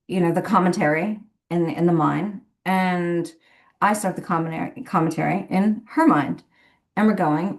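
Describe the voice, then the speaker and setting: Chatty low-voiced woman medium. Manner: rambling, chatty, laughs often between phrases. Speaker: professional medium. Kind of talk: casual anecdotal storytelling.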